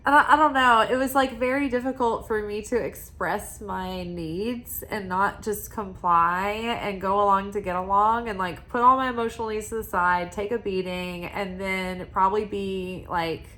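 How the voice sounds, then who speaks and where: A woman's voice: medium pitch, steady tone, normal speed, hardly any pauses. Chatty woman reading oracle cards. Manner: rambling, confiding, many "like" fillers; soft and quiet at times, with sighs and laughs. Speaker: oracle card reader. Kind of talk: casual spiritual card-reading vlog.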